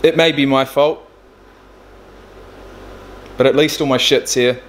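A man's voice: mid-range voice, steady tone, a little slow, a little hiss or hum. A man of thirty talking bluntly and candidly in a casual video diary, swearing freely. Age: 30s. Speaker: vlogger. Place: indoors in a furnished flat.

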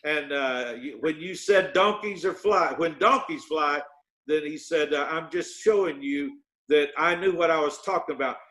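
A man, a guest minister telling a testimony with many pauses and fillers. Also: on the high side. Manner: halting with many fillers, bursts of excited quoting. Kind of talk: storytelling testimony.

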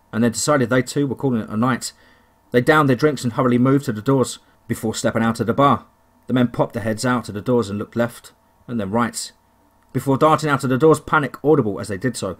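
A man narrating a first-person horror story, telling it in a steady, deliberate way. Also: mid-range voice.

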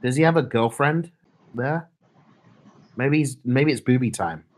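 A man's voice: medium pitch, a little slow. Laid-back young male streamer. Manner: laid-back, mumbling, reads chat aloud. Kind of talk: casual live-stream chat.

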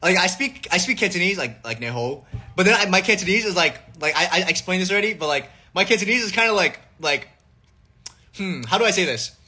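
A young man in his twenties talks live to his viewers, rambling and joking, and he keeps restarting his sentences. His voice sits fairly high and sounds bright. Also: lively intonation, brisk, slightly rough. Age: 20s. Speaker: livestream host. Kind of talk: casual live stream chat. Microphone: phone livestream.

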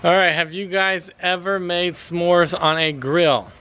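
A man's voice: high-pitched, a little slow, smooth, muffled recording, faint music behind. A man with an American accent chatting casually to the camera in a family vlog while cooking outdoors at a backyard grill. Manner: easygoing, talks straight to camera. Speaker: family vlogger.

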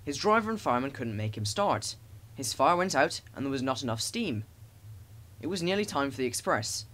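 A man narrating a children's storybook with expressive, animated storytelling. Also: mid-range voice, fairly quick. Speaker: audiobook narrator.

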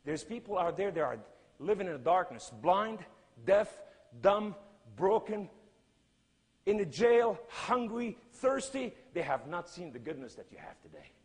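A man preaching a sermon and telling a story in emphatic, non-native English, swinging between loud cries and hushed lines. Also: high-pitched, very animated, unhurried, slightly rough, big-room sound.

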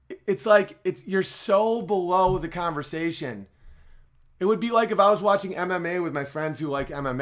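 A man's voice: high-pitched, fairly bright tone. Rambling man hosting a comic podcast. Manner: rambling, with stammered restarts and side jokes. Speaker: podcast host. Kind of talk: casual comedic monologue on a livestream.

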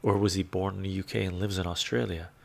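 A man with a somewhat low, gravelly voice talks casually on a live stream. He thinks aloud as he goes and laughs easily between remarks. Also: flat delivery, quick pace. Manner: chatty, laughs often, thinks out loud.

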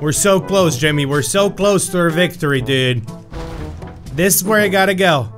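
A young man giving excited gameplay commentary, yelling at his character and then muttering to himself. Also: on the high side, normal speed, music in the background. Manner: loud, shouts at his game character; animated, swings from yelling to muttering. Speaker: gaming YouTuber.

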